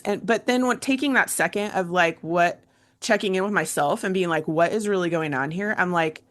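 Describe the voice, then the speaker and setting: A woman host and coach in casual panel chat, telling a story with animated asides and laughs. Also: mid-range voice, fairly quick.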